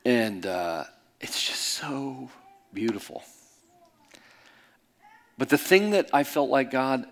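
A middle-aged man preaching in a candid, conversational way, swinging between loud bursts and soft hushed asides. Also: medium pitch. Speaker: pastor. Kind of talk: sermon storytelling.

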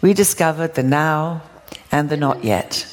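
A woman's voice: low voice, unhurried. An older woman preaching a sermon, telling stories with laughter and acting out the dialogue. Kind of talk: storytelling sermon.

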